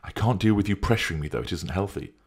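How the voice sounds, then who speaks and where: A man's voice: deep voice, animated, fast, breathy edge, voice pushed up. A man voicing an irritated, overwhelmed young mother who pushes her lover away, in an audiobook reading. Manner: curt, exasperated, impatient.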